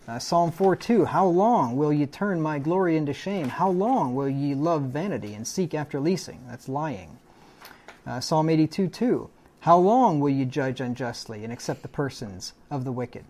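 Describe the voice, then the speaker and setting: Mellow-voiced man preaching a sermon. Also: fairly high pitch, normal speed. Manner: reads verses in a plain steady voice, with asides. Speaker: pastor.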